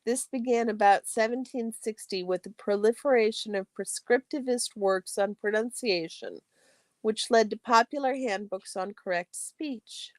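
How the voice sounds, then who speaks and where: On a study stream, a woman reads from a textbook in a steady, measured voice, and her phrases fade into a soft whisper at the ends. Her pitch sits on the high side, and the recording has no echo.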